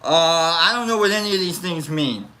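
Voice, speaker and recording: A man casually chatting on a livestream as its host, rambling and playful, quick to get excited. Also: a little high.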